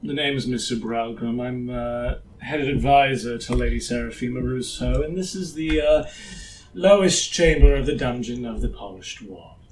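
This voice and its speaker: A man voicing an old, disheveled male dwarf advisor, speaking haltingly with fillers. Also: mid-range voice, voice pushed down, lightly acted, low-quality recording. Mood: wry. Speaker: game master voicing a character.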